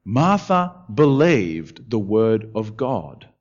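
A man preaching a sermon, sinking to hushed words and climbing to urgent questions. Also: fairly low pitch, very slow, lo-fi sound. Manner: expressive preaching, dropping to hushed tones and rising to urgent questions. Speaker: pastor.

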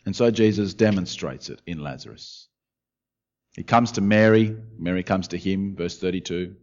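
A man preaching a sermon, sinking to hushed words and climbing to urgent questions. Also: low voice, normal speed, highs cut off. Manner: expressive preaching, dropping to hushed tones and rising to urgent questions. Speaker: pastor.

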